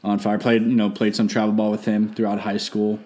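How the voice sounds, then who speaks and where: A man with a somewhat low voice talks in a relaxed, rambling way, full of ums and you-knows. He speaks as a guest on a casual podcast, recalling his playing days. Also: a little fast. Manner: laid-back, rambling, many fillers. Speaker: podcast guest, former baseball pitcher.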